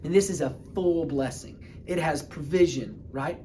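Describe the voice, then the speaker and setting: A man preaching a sermon, retelling a Bible story in a casual, humorous way with quick bursts of speech. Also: on the high side, warm tone, a little hiss or hum.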